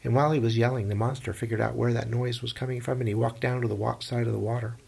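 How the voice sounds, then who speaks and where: Gravelly, husky male storyteller. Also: medium pitch, fast. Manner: animated, plain-spoken retelling with folksy phrasing. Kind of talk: oral storytelling of a myth.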